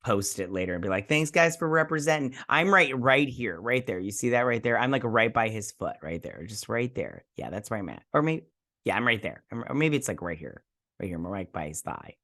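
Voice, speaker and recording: A man's voice: on the low side, very animated, a little fast, pushed and bright. Chatty rambling man recapping a show. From Michigan. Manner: chatty, rambling, acts out characters' lines. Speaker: host. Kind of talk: casual episode recap review.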